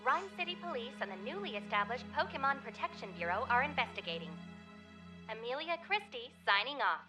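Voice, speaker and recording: A woman's voice: a little high, big pitch swings, a little fast, music in the background. A woman voicing a formal female TV news anchor in a video game. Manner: formal newsreader delivery.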